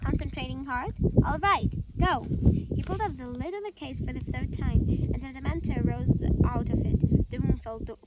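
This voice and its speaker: A woman with a Ukrainian accent, reading a novel aloud in careful English with small slips and restarts. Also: high-pitched. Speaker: reader. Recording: distant mic, loud outdoor background noise.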